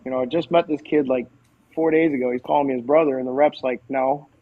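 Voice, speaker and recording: Man telling lively bowling stories. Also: medium pitch, fast, narrow, tinny audio, a little hiss or hum. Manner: animated storyteller, quotes others, frequent fillers and restarts. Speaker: podcast guest. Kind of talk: casual storytelling.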